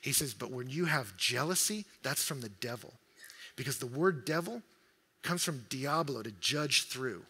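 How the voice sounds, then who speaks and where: A man preaching a sermon as a pastor, animated, slipping into quoted voices and jokes. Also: mid-range voice, unhurried, husky. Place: large church hall. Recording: hall reverb.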